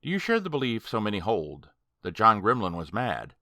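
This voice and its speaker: A man voicing an uneasy, skeptical gentleman in an audiobook, talking nervously and emphatically. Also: lowish voice, huge pitch swings, moderate pace, no room sound, clean studio sound, full character voice. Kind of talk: audiobook character reading.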